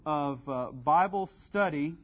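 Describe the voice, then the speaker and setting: A man's voice: on the high side, takes it slowly. A man teaching a Bible study class in an earnest, conversational way, giving step-by-step advice. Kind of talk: practical church class teaching. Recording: dull lo-fi recording.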